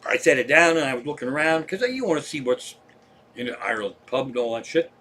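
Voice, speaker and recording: A middle-aged man with a Pennsylvania accent, a comedian telling a profane, animated story on a live stream. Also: medium pitch, quick pace, slight background noise.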